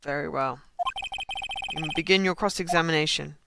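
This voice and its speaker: A woman voicing an older male judge in a video game, slow and ponderous with hesitant hums, over game music. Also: low voice, gravelly, very noisy, pitched below the performer's own voice. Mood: deliberate.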